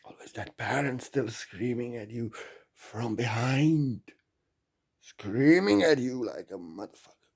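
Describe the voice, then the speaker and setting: A man giving a spiritual talk, repeating phrases emphatically and building to loud bursts. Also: mid-range voice, expressive, measured pace, gravelly, breathy edge. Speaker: spiritual teacher.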